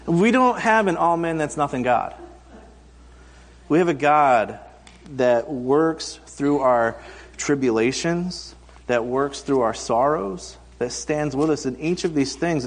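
Storytelling man preaching in a reverberant hall. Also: a little high. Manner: conversational storytelling with comic quoted voices. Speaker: pastor. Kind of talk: sermon.

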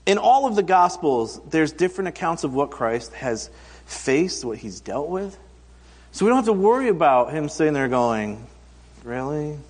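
A man's voice: a little high, very animated, normal speed, darkish tone. Storytelling man preaching in a reverberant hall. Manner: conversational storytelling with comic quoted voices. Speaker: pastor. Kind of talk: sermon.

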